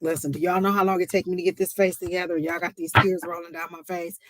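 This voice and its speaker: A woman's voice: lowish voice, level tone, fast, a bit bright, no echo. A woman hosting a live psychic reading stream, speaking emphatically, repeating phrases for effect and breaking into chatty asides to her viewers. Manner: chatty asides, exclaims to the Lord. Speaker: psychic reader and livestream host.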